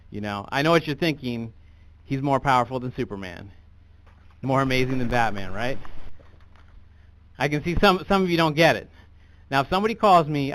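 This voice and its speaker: A young American man doing stand-up comedy in a dry, deadpan, rambling way. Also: mid-range voice. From United States.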